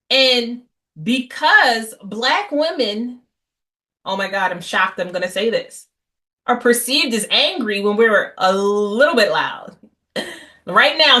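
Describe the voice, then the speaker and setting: Woman teaching a healing class, bright higher voice, blunt and animated, sassy asides. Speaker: class host on healing after infidelity. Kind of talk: lively lecture to an audience.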